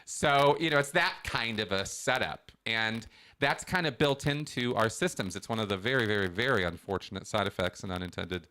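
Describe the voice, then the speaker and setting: Speaking at a moderate pace in a fairly low voice, a middle-aged radio host fields a call-in show. He rambles casually but with energy and emphasis, repeatedly breaking off to begin again.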